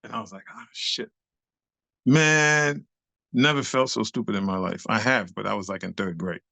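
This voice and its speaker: An older man, an interview guest and nightclub dancer, telling a lively story full of slang and cursing. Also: on the low side, normal speed, vocal fry, dry recording. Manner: lively, acts out other voices, street slang and cursing.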